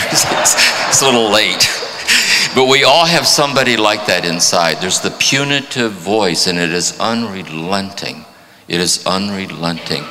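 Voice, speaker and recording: A man's voice: sits low, bright, forceful tone, a little hiss or hum. A man in his seventies giving a reflective spiritual talk, often repeating phrases for emphasis. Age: 70s. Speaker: spiritual teacher. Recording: long hall reverb.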